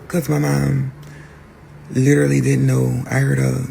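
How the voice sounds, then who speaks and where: A podcast host telling a personal story in a candid, profane, animated way. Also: male voice, medium pitch, unhurried, vocal fry, slight background noise.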